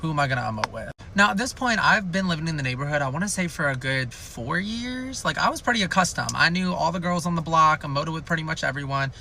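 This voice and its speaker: Young man, bright gravelly voice, chatty rambling storytime, faint background hiss. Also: a little high, expressive, quick pace, few pauses. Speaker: storytime youtuber. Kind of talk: casual storytime.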